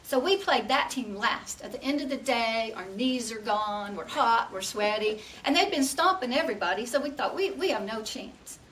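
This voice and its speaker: A woman's voice: on the high side, normal speed, hardly any pauses. Lady spinning a funny tall tale, lots of laughing, a bit far off the mic with faint hiss. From Texas. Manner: lively storytelling, laughs through punchlines. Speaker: contest speaker. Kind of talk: humorous tall-tale speech.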